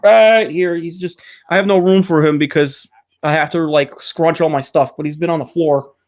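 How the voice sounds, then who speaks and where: A man's voice: a little high, steady tone, moderate pace. A man hosting a casual livestream Q&A, talking in a rambling, profane, ranting way as he reads viewer questions. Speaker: channel host answering viewer questions. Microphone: streaming setup mic.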